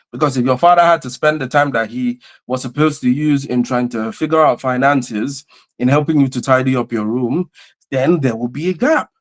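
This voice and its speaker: A man hosting a livestream, greeting viewers by name and repeating his phrases with lots of energy. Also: mid-range voice. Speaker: host and convener of a livestream. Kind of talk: livestream opening chat.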